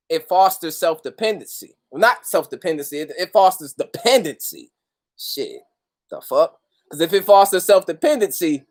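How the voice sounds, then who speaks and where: A man hosting a casual livestream, greeting viewers by name and talking loosely with street slang and plenty of profanity. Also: high-pitched. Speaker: host of a livestream talk.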